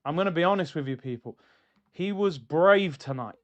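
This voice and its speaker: A young man hosting a football watchalong livestream, chatty and excitable, reading out viewer comments. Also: a little high, moderate pace, dull audio. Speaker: football streamer host.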